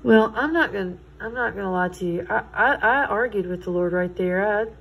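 A woman's voice: mid-range voice, moderate pace, gravelly, a bit bright, slightly rough, poor audio. A middle-aged woman, telling her personal faith story in an earnest, conversational way. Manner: earnest, conversational, quotes others in dialogue. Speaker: Christian testimony speaker.

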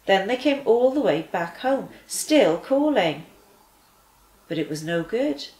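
A woman reading a children's story aloud with gentle, expressive delivery. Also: medium pitch, takes it slowly, echoey room, poor audio.

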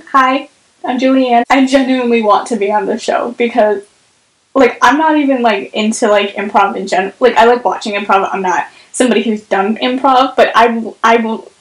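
Giggly chatty young woman in an echoey room. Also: on the high side. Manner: giggly, chatty, lots of fillers and restarts. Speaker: book vlogger. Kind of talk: casual review vlog and bloopers.

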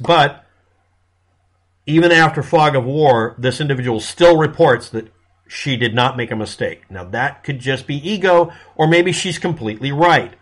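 A man's voice: mid-range voice, a bit bright. A man from the United States giving a casual monologue commentary in a blunt, sarcastic manner, with frequent profanity.

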